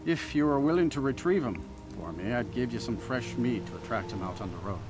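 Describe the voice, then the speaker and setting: A man playing a gruff village blacksmith. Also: mid-range voice, animated, brisk, music in the background, lightly acted. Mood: businesslike. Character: gruff male village blacksmith, middle-aged.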